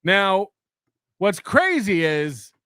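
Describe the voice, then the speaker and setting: High, bright-voiced wry commentator man. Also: sing-song, extremely slow, smooth, dry recording, studio quality. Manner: wry, recounting gossip. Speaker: stream commentator. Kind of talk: casual commentary.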